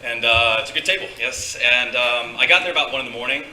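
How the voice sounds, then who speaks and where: Storyteller, male, tense bright tone, heard from afar in an echoey hall. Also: mid-range voice, fast talker, a little hiss or hum. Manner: rambling, hesitant with many fillers. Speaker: storyteller guest. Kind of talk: live stage storytelling. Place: convention stage before a live audience. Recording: echoey hall, distant mic.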